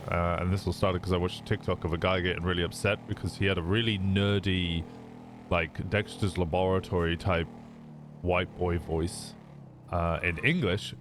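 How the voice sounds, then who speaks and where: A young man streaming and chatting loosely with his audience, swearing often and stumbling over restarts. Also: low voice. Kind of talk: casual chat to a live stream chat. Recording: noisy background.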